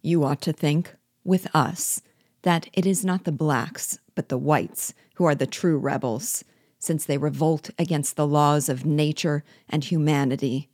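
A woman's voice: low-pitched, measured pace, a little mellow, no echo, studio quality. A woman reading the part of a cold, sardonic male rebel general, mocking and commanding. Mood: menacing.

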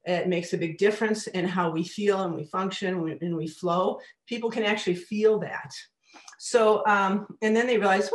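A woman leads a live workshop, energetic and demonstrative as she talks a group through exercises. Her voice sits in a middle range. It comes from a distance and carries a roomy echo. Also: medium pitch, moderate pace. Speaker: workshop presenter and coach. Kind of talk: live presentation with audience exercises. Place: presentation room with a group. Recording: echoey room, mic far off.

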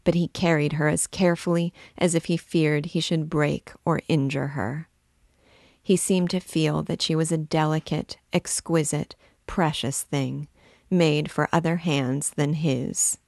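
A woman reads a classic novel aloud in a low, gravelly voice. She takes it slowly and deliberately, with the dry closeness of a mic set up near her. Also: fairly even intonation, darkish tone, no echo. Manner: measured, deliberate reading. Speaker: book reader and guide. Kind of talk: literary read-aloud narration.

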